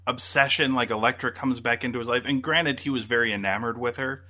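Guy cohosting a podcast, bright punchy voice, rambles a lot with ums and likes. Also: medium pitch, steady tone, fairly quick. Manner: rambling, many fillers and restarts. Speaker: podcast co-host. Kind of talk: casual chat.

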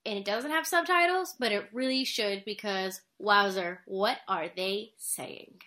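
Bright-voiced chatty woman podcaster. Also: mid-range voice, unhurried. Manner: chatty, rambling, laughs often. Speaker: podcast co-host reviewing movies. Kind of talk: casual chat.

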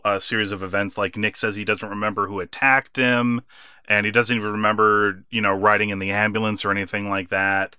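Podcast guy, really bright forceful voice, dry close mic, laughs a lot while recapping. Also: fairly low pitch, clear, resonant tone, no room sound. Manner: animated, laughs often, acts out quotes. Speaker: podcast co-host. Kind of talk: casual wrestling podcast chat.

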